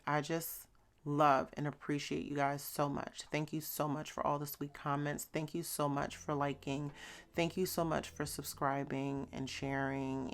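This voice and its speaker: Young woman vlogger, low gravelly voice, chatty and heartfelt delivery to camera. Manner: chatty and heartfelt, with frequent fillers. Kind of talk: casual talk to camera.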